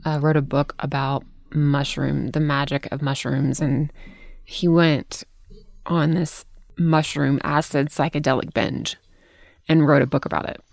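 A woman's voice: low-pitched, flat delivery, measured pace, gravelly, a little mellow, no room sound, studio quality. A middle-aged woman hosting a podcast, talking frankly in casual chat, swearing freely as she tells stories. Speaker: podcast host.

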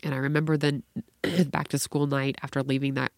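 Low-voiced woman, animated storyteller. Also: brisk, gravelly, no echo, clean studio sound. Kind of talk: casual chat.

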